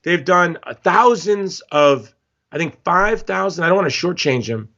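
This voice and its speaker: A man from Hawaii, a guest in a casual interview, talking in an emphatic, animated storytelling way. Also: high voice, normal speed. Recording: slightly dull lo-fi audio.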